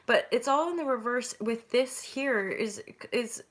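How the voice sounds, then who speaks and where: A woman hosting a casual intuitive tarot reading, chatty and rambling, with sudden bright greetings. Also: on the high side, unhurried. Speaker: host and tarot reader.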